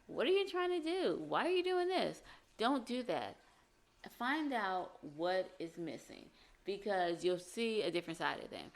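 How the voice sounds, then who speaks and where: A woman coach talks through marriage advice on her solo podcast in a relaxed, conversational way. Her voice sits a little low, and she slips into little acted quotes as she explains. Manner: conversational, acts out quoted lines in varied voices. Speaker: podcast host, relationship coach.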